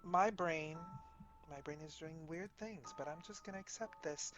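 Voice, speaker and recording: A woman's voice: sits low, normal speed, soft background music. A woman playing her character in a tabletop game, talking hesitantly with many fillers. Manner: hesitant, lots of fillers, animated. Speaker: player.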